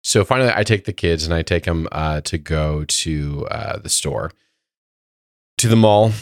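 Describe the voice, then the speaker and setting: Very low-voiced man, a bit under the weather. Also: unhurried, no room sound, studio quality. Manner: rambling storytelling with many fillers. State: voice lowered by a cold. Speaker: podcast co-host. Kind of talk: casual chat.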